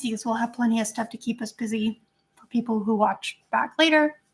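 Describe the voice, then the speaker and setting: A woman's voice: on the high side, fairly quick, slightly rough. A woman chatting casually on a live stream at home, rambling and giggly as she tries snacks. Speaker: vlogger.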